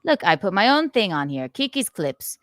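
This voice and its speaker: A woman's voice: mid-range voice, big pitch swings, normal speed, dry recording, studio quality. A woman hosting a casual livestream, talking sarcastically with frequent laughs and reading chat messages aloud. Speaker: livestream host.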